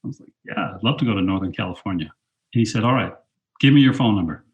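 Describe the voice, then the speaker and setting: Lively storytelling man. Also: fairly low pitch, quick pace, highs cut off. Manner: animated anecdotes, quotes himself in a raised voice. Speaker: guest, film director and teacher. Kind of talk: storytelling interview.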